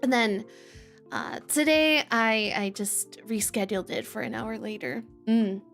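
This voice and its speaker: A woman's voice: a little high, a little slow, vocal fry, a bit bright, soft background music. A woman streamer chatting casually to her viewers, rambling, laughing often and greeting chat by name. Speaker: streamer and voice actor.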